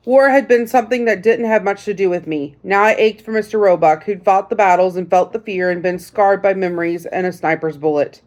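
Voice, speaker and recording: Woman, audiobook narrator, measured, reflective, middle pitch. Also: a little mellow. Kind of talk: first-person audiobook reading.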